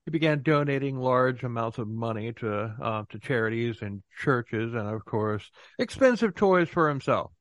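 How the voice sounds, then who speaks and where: A man's voice: mid-range voice, expressive, moderate pace, few pauses, dry recording. Sarcastic male podcast host, dry sound. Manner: dry sarcastic humor, frequent laughing. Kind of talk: casual podcast chat.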